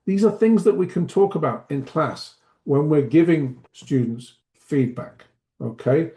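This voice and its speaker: A middle-aged man giving a teaching webinar, speaking deliberately and demonstrating pace and emphasis as he explains. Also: a little high, warm tone. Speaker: webinar presenter, language teacher trainer.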